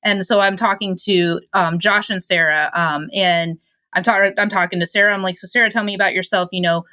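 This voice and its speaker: A woman from Michigan, a podcast guest, telling a story in a lively way and acting out the dialogue. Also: mid-range voice, a little fast, no room sound. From Michigan, USA. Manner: animated storyteller, acts out dialogue. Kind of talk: casual conversation.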